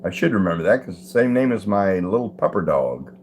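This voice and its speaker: A fast-talking older man with a deep, darkish voice and big pitch swings hosts a relaxed home live stream. He reads viewer comments, greets people by name, and chuckles easily over slight background noise.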